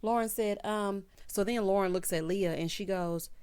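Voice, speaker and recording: A woman's voice: medium pitch, moderate pace, hardly any pauses, darkish tone, clear, resonant tone. Sassy woman recapping a TV episode. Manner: sassy, chatty, talks straight to viewers. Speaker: TV recap vlogger. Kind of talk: casual episode recap commentary.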